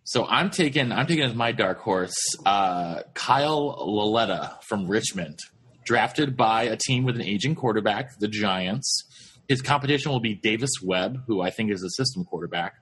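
A man hosting a casual sports podcast, rambling with lots of fillers and halting restarts. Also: lowish voice, lively intonation, a bit bright, a little hiss or hum. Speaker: podcast host.

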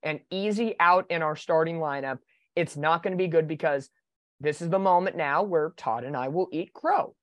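A man hosting a sports podcast, talking in an animated, opinionated way in casual chat. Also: on the high side, moderate pace, dry recording. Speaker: podcast host.

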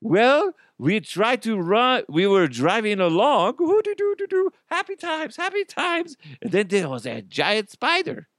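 A man voicing a cheerful, clueless male Swiss tourist in a high, sing-song mocking voice. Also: big pitch swings, moderate pace, a bit bright, clean tone, dry recording, studio quality. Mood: cheery.

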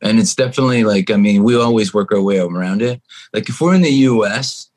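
A man guest on a podcast, talking casually and telling stories about his young son. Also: fairly quick. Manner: animated storyteller, jumps to a high voice quoting his son. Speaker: guest musician.

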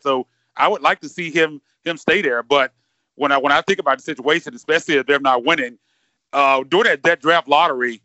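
A man's voice: on the high side, sharp tone, no room sound, highs cut off. A man co-hosting a sports podcast, rambling and repeating words as he thinks aloud. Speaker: podcast co-host. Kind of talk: casual sports podcast chat.

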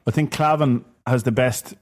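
A man's voice: mid-range voice, steady tone, normal speed. Irish man in casual football chat. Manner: hesitant restarts, swearing. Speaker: podcast co-host.

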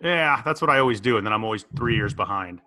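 Animated, jokey man hosting a podcast. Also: lowish voice, quick pace. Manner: jokey, animated, slips into impressions. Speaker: podcast host. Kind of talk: casual chat.

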